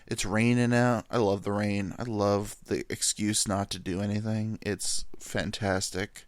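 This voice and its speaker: A New York vlogger in his thirties tells rambling, crude stories in a casual solo monologue, animated and jumping into silly voices. His voice is on the low side and measured in pace, and the recording is dry.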